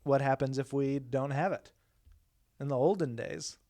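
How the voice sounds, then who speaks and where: A man hosting a casual podcast, talking in a playful, animated way. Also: medium pitch, normal speed. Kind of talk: casual chat.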